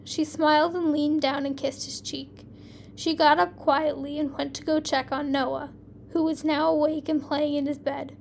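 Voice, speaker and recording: A woman reads her own short fiction aloud and then chats about it in a relaxed, unhurried way. Her voice is high with a noticeable gravelly fry, and a faint hiss sits underneath. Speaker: podcast host reading fan fiction. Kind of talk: reading own stories aloud with casual commentary.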